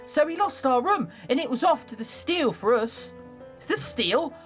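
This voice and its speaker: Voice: high-pitched, big pitch swings, unhurried, faint music behind, voice pushed up. A player reading a visual novel aloud, voicing a poor, plain-spoken young maid with a put-on Northern English accent. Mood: homely. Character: cheerful poor scullery maid girl.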